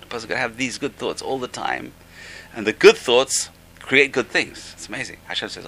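Gravelly male teacher with a very bright tone, enthusiastic informal religious class. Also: mid-range voice, expressive, a little fast, poor audio. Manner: enthusiastic, repeats "amazing". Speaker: Torah teacher.

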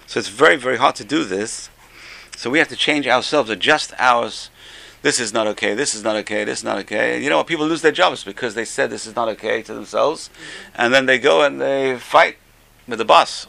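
An older man giving an informal Musar class, conversational, repeating key phrases and getting louder for emphasis. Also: mid-range voice, gravelly. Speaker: Torah teacher.

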